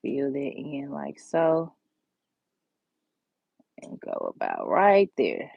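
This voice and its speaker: A woman with a deep, low voice talks viewers through a nail art design in easy, encouraging chat. She speaks straight to the audience and slips into soft whispers at the detailed steps. The sound is dull and a little lo-fi, dry and close. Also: huge pitch swings, takes it slowly, gravelly, dry recording. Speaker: nail tutorial host. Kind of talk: casual step-by-step tutorial chat.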